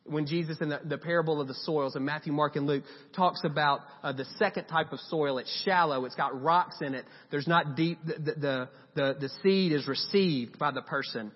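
A man's voice: on the high side, moderate pace, few pauses. A man preaching a sermon, earnest and conversational, acting out short quoted lines as he goes. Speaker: pastor. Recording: dull sound with long hall reverb.

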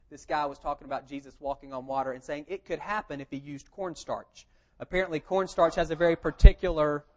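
A man preaching a sermon, telling the story in a lively conversational way and asking rhetorical questions. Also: fairly high pitch. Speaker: pastor. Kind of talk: expository sermon.

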